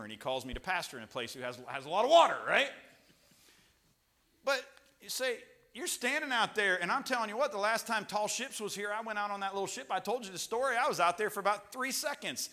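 A man preaching a sermon as pastor, chatty and rambling with asides, rising to loud, emphatic peaks. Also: sits high. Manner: conversational, rambling with asides and restarts.

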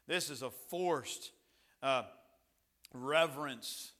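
A preacher delivering a sermon in a high, bright voice. He is emphatic, surging to loud peaks and then dropping to near hushes. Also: lively intonation, normal speed. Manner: emphatic, swings between shouting and hushed.

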